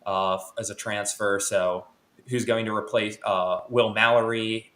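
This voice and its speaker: A man's voice: on the low side, fairly bright tone. Man breaking down football stats, echoey. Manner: stat-heavy, self-correcting. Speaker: guest football analyst. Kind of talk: podcast football preview. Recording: roomy echo.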